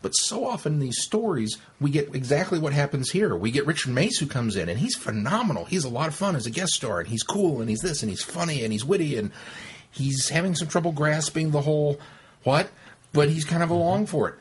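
A man co-hosting a casual chat, telling scenes with quick asides and bursts of laughter. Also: on the high side, lively intonation, slightly rough. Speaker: podcast co-host.

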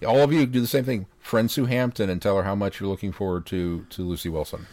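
An older man co-hosting a podcast in casual chat, an animated storyteller who laughs often. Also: on the low side, fast, dry recording. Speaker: podcast co-host.

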